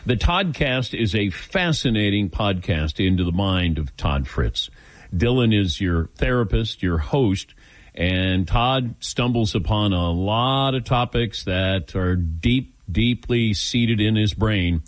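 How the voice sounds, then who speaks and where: A middle-aged man hosting a sports radio talk show, lively and joking. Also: lowish voice, a little slow, dry recording, faint music behind.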